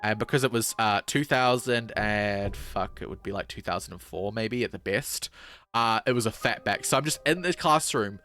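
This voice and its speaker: A man's voice: lowish voice, normal speed, sharp tone, soft background music. A man in his twenties with a New Zealand accent, chatting casually on a game stream, rambling and swearing often. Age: 20s.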